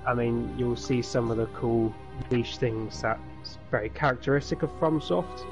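A man's voice: mid-range voice, normal speed, over music. A man giving game advice over a call in a rambling, hesitant way.

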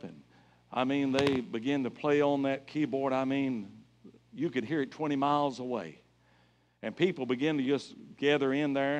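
Preaching in a church sanctuary, this middle-aged man is a visiting evangelist with a mid-range voice. His sermon aims to win converts, and his emphatic stories swell into loud outbursts.

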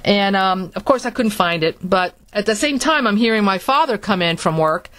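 Halting woman telling a personal story. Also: medium pitch, lively intonation, a bit bright. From Florida, US. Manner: halting, with many restarts and fillers. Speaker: speaker recounting her experiences.

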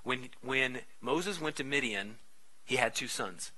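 A man in his thirties, a pastor preaching a sermon in a conversational, animated way with frequent asides. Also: medium pitch, unhurried, rough recording.

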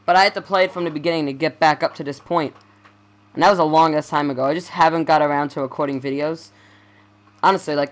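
A man's voice: a little high, a bit bright. Young man rambling through game commentary. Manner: rambling, stammering, self-correcting. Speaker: let's play commentator. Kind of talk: casual gameplay commentary.

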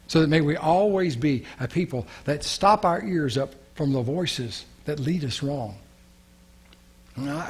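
Man, pastor, sermon, husky voice, earnest, repeats phrases, prayerful. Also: fairly high pitch, measured pace.

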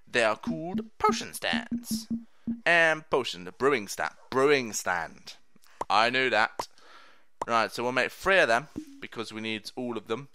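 Playful, lively gaming host. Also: male voice, medium pitch, clear, resonant tone. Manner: playful, mock-boastful, chatty. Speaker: let's play host. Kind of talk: gameplay commentary.

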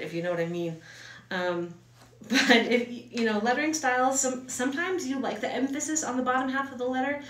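A woman with a rather high, fairly bright voice sits far from the mic, sounding off-mic in an echoey room at home. She teaches hand-lettering casually, chatting and rambling with frequent fillers and restarts.

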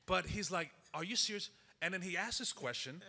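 A man preaching a sermon and reading scripture, repeating phrases for emphasis and dropping to a hushed, intense tone. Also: high-pitched, animated, fairly quick, vocal fry, big-room sound. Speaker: pastor.

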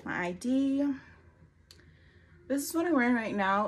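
A woman's voice: a little high, animated, a little slow. A young woman chatting casually through a shopping haul vlog, rambling and full of "like", a bit out of breath. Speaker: vlogger.

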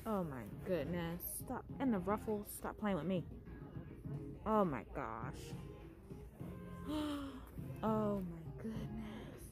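A woman's voice: medium pitch, expressive, slow pace, long pauses. A woman vlogging while she shops, gushing and exclaiming over baby items as a mom. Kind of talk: casual shopping vlog. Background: music.

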